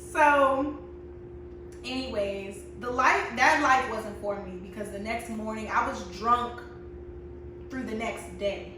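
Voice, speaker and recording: Young woman in her twenties, casual storyteller, high-ish bright voice, roomy echo, off-mic. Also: unhurried, background noise. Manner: animated, laughing often, acts out friends' lines. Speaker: vlogger. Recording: very echoey room, mic at a distance.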